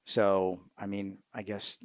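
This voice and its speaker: A middle-aged man, a military veteran, telling war stories in a casual interview, cursing freely, animated and laughing as he goes. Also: fairly low pitch, takes it slowly, no echo, studio quality. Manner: profane, animated, laughs mid-story.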